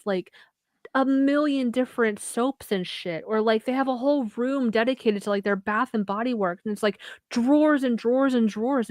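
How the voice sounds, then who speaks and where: A woman's voice: fairly high pitch, dry recording, clean studio sound. A young woman co-hosting a podcast in casual chat, rambling along with many "like" fillers. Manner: rambling, heavy use of "like" as a filler. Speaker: podcast co-host.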